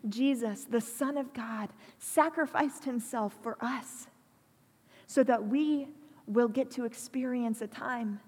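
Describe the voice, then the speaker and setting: A woman preaching a sermon in a church, earnest and pastoral, speaking slowly and deliberately. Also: a little high, a little mellow, breathy edge. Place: church hall. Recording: long hall reverb.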